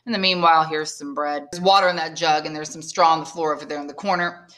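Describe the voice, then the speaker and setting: A woman's voice: low-pitched, fairly even intonation, quick pace, fairly bright tone. A woman reading the lines of a dull male prison jailer in a matter-of-fact way. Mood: flat.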